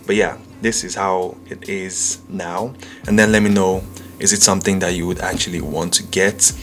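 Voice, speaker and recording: A man's voice: sits low, little pitch movement, normal speed, faint music behind. A man casually reviewing a budget microphone, chatty and self-deprecating, talking straight to his viewers from an indoor home setup. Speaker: tech reviewer. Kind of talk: casual product review vlog. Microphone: USB condenser mic at close range.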